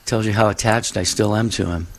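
A man co-hosting a call-in radio show who speaks gently and reflectively, with religious phrasing and frequent fillers. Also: lowish voice, steady tone, fairly quick, slight background noise. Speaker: radio co-host.

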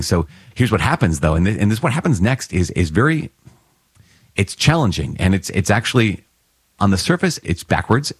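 A man preaches a homily in a very low, husky voice, talking through the readings in an earnest, conversational way. The recording is dry and close, with no room sound. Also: no room sound. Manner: conversational, earnest, with fillers and light laughs. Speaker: priest.

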